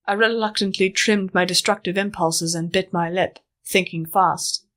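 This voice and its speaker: A woman's voice: mid-range voice, normal speed, few pauses. Woman narrating an audiobook. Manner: steady storytelling. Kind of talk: scripted first-person narration.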